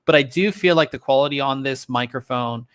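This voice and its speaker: A man's voice: mid-range voice, brisk, clean tone. Rambling male tech podcast host. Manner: relaxed and rambling, many ums and restarts. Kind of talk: casual tech podcast chat. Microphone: studio podcast microphone.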